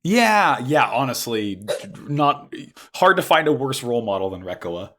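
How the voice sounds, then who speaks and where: A man's voice: medium pitch, big pitch swings, moderate pace, bright, forceful tone. A man co-hosting a podcast, recapping an anime in a rambling, casual way, full of "like" and restarts. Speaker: podcast co-host.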